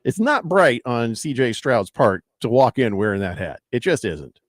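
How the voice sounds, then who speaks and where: A man hosting a sports talk radio show, reading listener texts aloud and riffing in animated banter. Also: mid-range voice, moderate pace, no echo.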